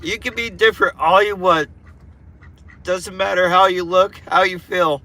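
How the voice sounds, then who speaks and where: A man's voice: sits high, fairly even intonation, measured pace, pushed and bright, slight background noise. A man livestreaming, giving viewers an earnest, emotional pep talk full of swearing.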